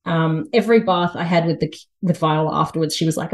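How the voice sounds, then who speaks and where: A woman in her thirties with an Australian accent, a podcast guest telling a story in a lively, chatty way and laughing often. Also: low voice, quick pace. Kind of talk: casual storytelling interview.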